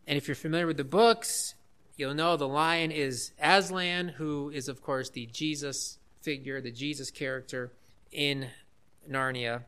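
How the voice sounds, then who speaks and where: A pastor preaching with an earnest, emphatic delivery, stretching out the words he wants to land. His voice is high for a man and bright and forceful. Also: clean tone. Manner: emphatic, earnest, with slowed stresses. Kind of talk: sermon.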